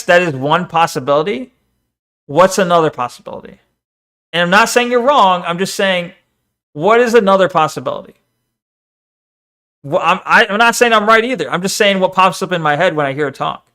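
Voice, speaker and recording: A man with a noticeably high voice, talking casually on a live stream. He rambles, reads his viewers' messages out loud and argues back with them in loose, unscripted talk. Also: normal speed, long pauses. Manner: rambling, argumentative, reads chat messages aloud and answers them.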